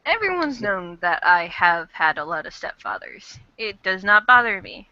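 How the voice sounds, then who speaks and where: A woman's voice: medium pitch, very animated, normal speed, pushed and bright, no room sound. A woman hosting a casual online fan chat, rambling and chatty with casual swearing, on a dull lo-fi recording.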